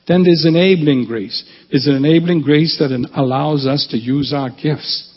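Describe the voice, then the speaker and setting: Male pastor, gravelly and husky, animated sermon delivery, lo-fi church recording with long reverb. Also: medium pitch. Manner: animated preaching, rising emphasis.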